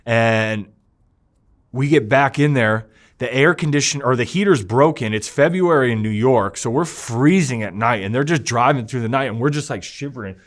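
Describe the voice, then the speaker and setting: A young man, an interview guest, telling a rough personal story in casual talk, acting out the voices he quotes and swinging from hushed to loud. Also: mid-range voice, moderate pace.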